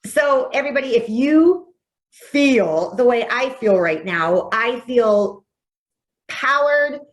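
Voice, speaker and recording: Effusive woman podcast host, higher voice. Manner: effusive, enthusiastic, halting restarts. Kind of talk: podcast conversation.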